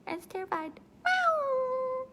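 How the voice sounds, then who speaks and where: A squeaky, baby-talking little finger monkey, far up in pitch with a strange, pinched timbre. It coos and gushes with breathless glee. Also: female voice, sing-song, slow pace, background noise, exaggerated voice. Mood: cooing gushing. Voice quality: squeaky cooing baby talk. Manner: gushing, breathless, gleeful.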